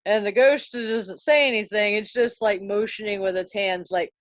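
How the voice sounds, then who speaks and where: A woman's voice: medium pitch, moderate pace, no echo. A woman student retelling a play in a chatty, slangy way, on a dry, dull recording. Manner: slangy, chatty, laughs at own jokes. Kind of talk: casual story retelling.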